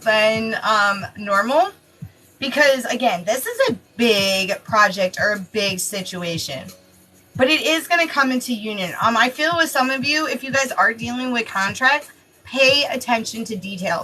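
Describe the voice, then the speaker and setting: A woman reading horoscopes in a casual, chatty way, excitable and often exclaiming. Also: fairly high pitch, rough recording. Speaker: tarot reader giving daily horoscopes.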